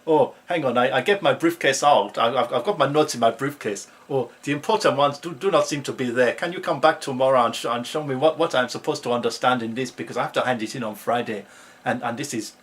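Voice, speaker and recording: Man doing a loud flustered Nigerian student. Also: mid-range voice, quick pace, hardly any pauses, close to an everyday voice. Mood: pleading. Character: anxious young male Nigerian student.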